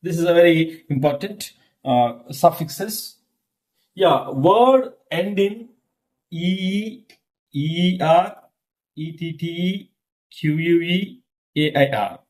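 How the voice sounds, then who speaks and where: Slow, lively-pitched male lecturer. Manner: slow and deliberate, repeats example words several times. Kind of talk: slide-based English pronunciation lesson.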